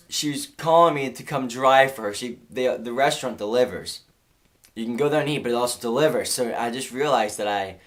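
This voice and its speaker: A man's voice: medium pitch, fairly bright tone. A man in his room telling a funny story in a chatty way, restarting his sentences as he goes. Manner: chatty, restarts sentences, acts out the other voices. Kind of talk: casual storytelling.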